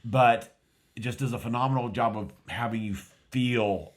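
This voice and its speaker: A man's voice: medium pitch, fairly even intonation, moderate pace. Rambling West Texas man reviewing a film. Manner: rambling, with many restarts and fillers. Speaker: podcast co-host. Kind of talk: casual film review chat.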